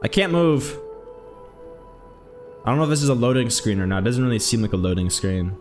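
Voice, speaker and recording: Animated man streaming a game. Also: medium pitch, brisk, soft background music. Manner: rambling, animated, exclaims loudly when excited. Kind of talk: casual let's-play chat.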